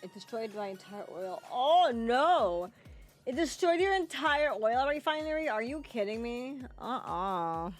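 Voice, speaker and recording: Lively, animated woman streamer. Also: a little high, unhurried, faint music behind. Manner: chatty and playful, laughs often, talks back to chat. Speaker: livestreamer. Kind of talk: live gameplay commentary and chat with viewers.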